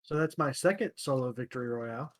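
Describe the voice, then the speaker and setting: A man hosting a casual podcast, telling stories in a relaxed way with lots of ums. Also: mid-range voice, fairly quick. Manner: relaxed storyteller, many ums and uhs. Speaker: podcast host. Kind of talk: casual chat, storytelling.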